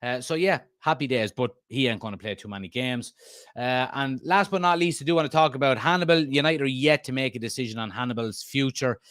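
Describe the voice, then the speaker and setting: A man's voice: medium pitch, fairly bright tone, no room sound, studio quality. A man, hosting a football fan live stream, reading comments aloud and rambling casually with many fillers. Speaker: host of a football fan channel.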